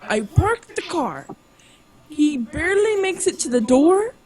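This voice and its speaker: A woman's voice: high voice, measured pace, a loud crowd. A woman playing in a tabletop game who tells a story to friends in a casual chat and acts out what others said. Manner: animated storyteller acting out quotes. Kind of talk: casual anecdote among friends.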